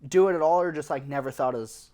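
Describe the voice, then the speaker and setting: A man's voice: on the high side, fast, a little mellow. Laid-back chatty podcast host man. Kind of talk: casual podcast chat.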